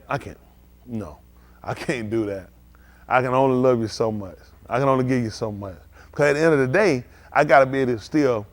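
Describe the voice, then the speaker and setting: A man preaching a live-streamed sermon at a synagogue service, in a folksy, conversational way, asking the congregation questions and now and then breaking into loud outbursts. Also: mid-range voice.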